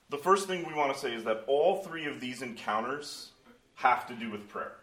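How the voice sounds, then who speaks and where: A man's voice: mid-range voice, fairly bright tone. A man leading a church breakfast group in casual teaching talk, chatty and given to joking asides. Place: large room at a church breakfast. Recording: echoey room from far off.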